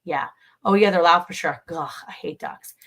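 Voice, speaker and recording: Chatty woman with a lowish voice. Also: normal speed. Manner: chatty, animated storytelling. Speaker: livestream co-host. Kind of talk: casual chat.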